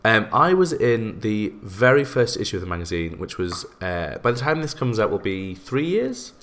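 A young man co-hosting a podcast, chatting casually and laughing often in quick bursts. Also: lowish voice, big pitch swings, fairly bright tone. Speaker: podcast co-host and guest editor.

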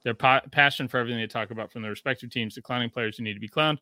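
A man's voice: medium pitch, rapid-fire, no room sound, studio quality. A man in his thirties, a podcast host, reading a listener review aloud and joking in casual chat. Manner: joking, profane, animated.

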